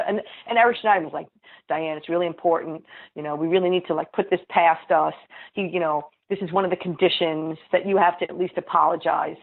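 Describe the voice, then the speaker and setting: Blunt, animated woman on a tinny line. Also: fairly low pitch, fast talker. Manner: lively, blunt, laughs often, acts out dialogue. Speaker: state senator interviewee. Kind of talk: animated storytelling interview.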